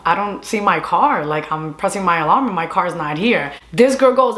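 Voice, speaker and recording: A young woman tells a story in a casual, animated vlog style, sliding between English and Spanish as she talks. Her voice sits at a middle pitch. The sound carries the echo of a bare room. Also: normal speed, few pauses, a little hiss or hum. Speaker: storyteller vlogger. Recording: echoey room.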